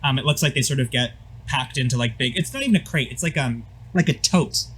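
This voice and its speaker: A man's voice: medium pitch, expressive, quick pace, fairly bright tone, a little hiss or hum, rough recording. A man narrating a tabletop game as game master in a loose, filler-heavy way.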